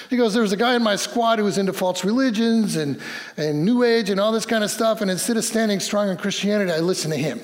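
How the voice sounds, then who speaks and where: Animated high-voiced male pastor preaching. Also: fast talker. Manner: animated storytelling with quoted dialogue and laughs. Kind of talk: sermon. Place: church.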